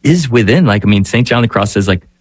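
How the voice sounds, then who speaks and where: A man's voice: lowish voice, expressive, fast talker, no echo. A man, a priest and spiritual director, speaking thoughtfully on a radio talk show and often searching for words. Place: radio studio.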